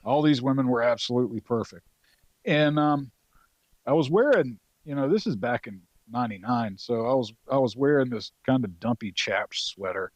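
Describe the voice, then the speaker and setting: A man of about forty from North Carolina tells an old service story in a relaxed, rambling way. He swears freely and leans on fillers. His voice has a middling pitch, and the sound is dry and close with almost no room echo. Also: moderate pace, muffled recording. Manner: loose and profane, with many fillers. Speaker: podcast guest, Marine veteran. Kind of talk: casual storytelling.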